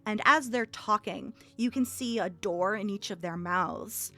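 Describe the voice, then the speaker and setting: A woman's voice: mid-range voice, a little slow. Woman narrating as game master. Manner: relaxed, descriptive, many fillers.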